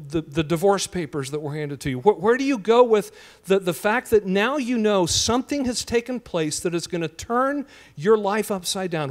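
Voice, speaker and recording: A male pastor with a high voice preaches in a church. He talks earnestly, repeating his questions and restarting words as he builds his point. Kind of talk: sermon. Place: church sanctuary.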